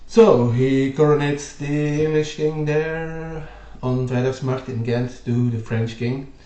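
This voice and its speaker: Slow-talking man explaining history. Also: mid-range voice, steady tone, dark tone, muffled recording. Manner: rambling, lots of fillers. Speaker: video host. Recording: roomy echo.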